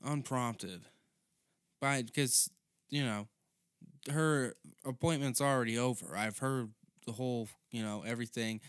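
A man's voice: mid-range voice, a little slow, pauses often, smooth, no echo, clean studio sound. A young man doing a rambling, profane comedic monologue as a podcast host.

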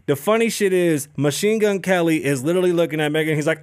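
A man's voice: on the high side, fast, few pauses, a little mellow, no room sound, studio quality. A man hosting a podcast, ranting casually and profanely with lots of swearing. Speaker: podcast host. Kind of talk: casual chat.

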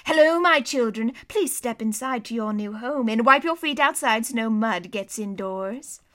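A woman's voice: a little high, animated, normal speed, fairly bright tone. A woman doing Count Olaf, a wheezy scheming villain. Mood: oily. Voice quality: wheezy whisper. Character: wheezy, sly, greedy tall thin villain man. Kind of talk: storybook reading.

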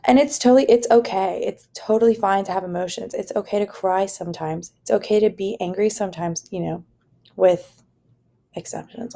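A woman's voice: medium pitch, gravelly, dark tone. A young woman hosting a solo podcast, talking in an earnest, rambling way with lots of "like" and "you know". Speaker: podcast host. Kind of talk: casual solo podcast monologue.

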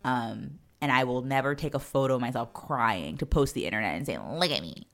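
A woman co-hosting a podcast, chatting casually in a blunt, animated way and swearing freely. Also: extremely low pitch, brisk. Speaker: podcast co-host. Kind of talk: casual chat.

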